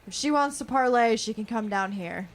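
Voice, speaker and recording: A man's voice: sits high, normal speed. A man playing a defiant adventurer hiding in a cell, answering in a terse, stubborn way.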